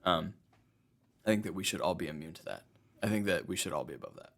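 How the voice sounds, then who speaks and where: A young man with a deep, low voice shares his thoughts in a relaxed podcast chat. He often starts with a hesitant "um" and stays agreeable and open. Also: fast talker, gravelly. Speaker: podcast co-host. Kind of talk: casual conversation.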